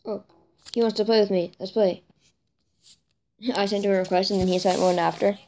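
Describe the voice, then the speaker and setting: A woman giving chatty let's play commentary for her gaming channel, getting excited and keeping on apologizing for freaking out. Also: normal speed. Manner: excitable and chatty, jumps to high squeals over goals; self-conscious, keeps apologizing for freaking out.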